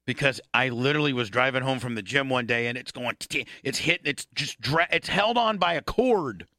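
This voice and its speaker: A man's voice: medium pitch, expressive, moderate pace, bright, forceful tone, no room sound. A male radio show host in crude, casual studio banter, brash and full of swearing. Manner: profane, brash, teasing.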